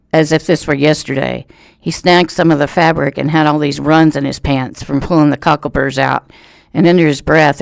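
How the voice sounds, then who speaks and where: A man, reading a local news story aloud in a steady storytelling way for a radio reading service. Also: on the high side, creaky, no echo. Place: thrift store.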